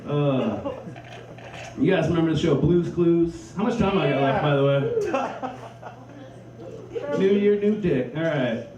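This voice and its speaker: This comedian's voice sits on the high side, and he takes his time, leaving long pauses through his crude, rambling, self-mocking routine. Recorded in an echoey club from a distant mic, the audio is dull, with the crowd laughing.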